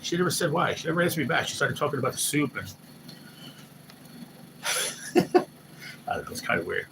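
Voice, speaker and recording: A man hosting a live stream, chatting casually and excitably, swearing loosely and often mimicking what others said. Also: a little high, a little fast, creaky. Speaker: livestream host. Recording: noisy background hum.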